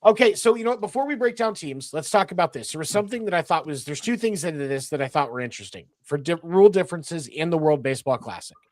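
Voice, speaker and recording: A man's voice: on the high side, expressive, fast, few pauses, no room sound. A man hosting a casual sports podcast, rambling along with lots of fillers and restarts. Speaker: podcast host.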